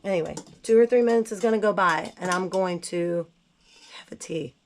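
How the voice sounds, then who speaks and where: A gardening vlogger with a cold makes tea in her home kitchen, speaking in a lowish voice at a moderate pace over a slight hiss or hum. Sick and not at her vocal best, she chats bluntly and casually to the camera in a how-to style, with self-mocking asides.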